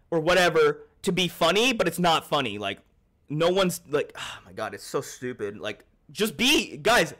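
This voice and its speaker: A man's voice: a little high, sing-song, normal speed, a bit bright. A man streaming a video game, talking to his chat in a rambling, profane way, heated and then apologetic. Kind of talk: live-stream chat while gaming.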